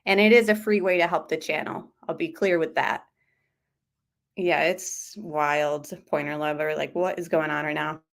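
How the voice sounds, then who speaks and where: A woman's voice: deep voice, steady tone, moderate pace, vocal fry. A woman hosting a true crime channel, talking casually over a replayed call-in show and greeting her live chat. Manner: chatty, reacts to live chat.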